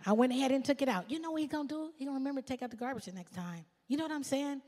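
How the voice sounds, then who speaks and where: A woman pastor preaching a sermon, swinging from shouts to hushed asides. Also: high-pitched, lively intonation, very fast, few pauses, in a large hall.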